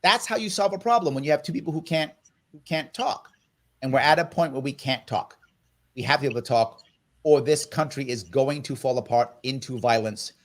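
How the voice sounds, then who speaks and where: A man of medium pitch, talking a little fast, is a political guest in an interview conversation. He delivers his arguments emphatically, aiming to persuade.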